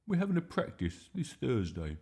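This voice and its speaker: A man's voice: medium pitch, wildly swooping pitch, normal speed, a little mellow, pitched above the performer's own voice. A man voicing a mischievous, stubborn six-year-old boy in a read-aloud storybook, indignant and protesting. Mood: boastful.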